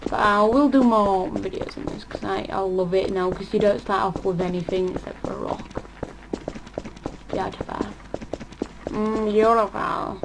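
A woman's voice: medium pitch, fairly even intonation, a little fast, gravelly, hardly any pauses. A woman giving casual gameplay commentary for her channel, thinking aloud and often trailing off mid-sentence. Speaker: gaming channel host. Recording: audible background noise.

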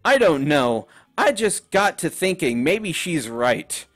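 Plainspoken country farm pony woman, voiced by a man: folksy drawl, unhurried, a bit high. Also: very animated, soft background music, full character voice. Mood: matter-of-fact. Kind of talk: reading game dialogue aloud.

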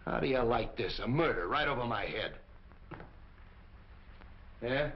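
An actor playing a brusque, hard-boiled police captain who barks orders. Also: male voice, medium pitch, expressive, measured pace, close to an everyday voice. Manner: gruff, barking orders. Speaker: police detective. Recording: muffled 1940 film soundtrack with hiss.

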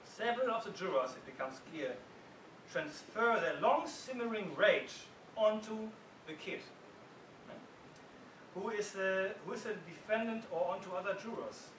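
A man's voice: high-pitched, expressive, a little slow, a bit bright, a little hiss or hum. A male academic reading his essay aloud to an audience, stopping now and then for asides and restarts. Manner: reads formally, breaks off with asides, slips and restarts. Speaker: academic lecturer. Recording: roomy hall from far off.

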